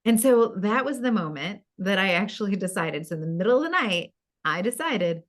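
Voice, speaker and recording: A middle-aged woman, a podcast guest, telling a personal story in an animated way, with many asides. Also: on the low side, normal speed. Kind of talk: storytelling in an interview.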